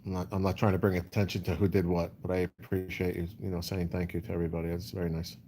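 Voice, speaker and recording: A man talks loosely to his livestream chat, answering comments one by one. His voice is low and dark, with little rise and fall. A faint background hum sits under the talk. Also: flat delivery, fast. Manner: rambling, repeats "you know", answers chat comments. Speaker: livestream host.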